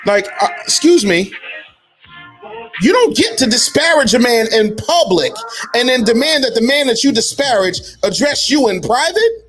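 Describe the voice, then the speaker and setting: A man with a high, bright-edged voice delivers a heated, profane rant. He mocks his target with sing-song taunts and swings from low mutters to loud jabs, while faint music plays underneath. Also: expressive, moderate pace. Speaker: commentary host. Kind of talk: heated social media commentary.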